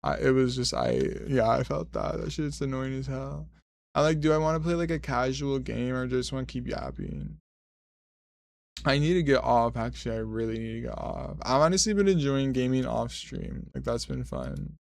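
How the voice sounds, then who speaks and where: Sassy young streamer, gravelly voice. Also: male voice, mid-range voice, sing-song, moderate pace. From Mexican heritage. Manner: sassy, swearing, rambling chatter. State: high and half asleep. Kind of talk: casual stream chat reading comments.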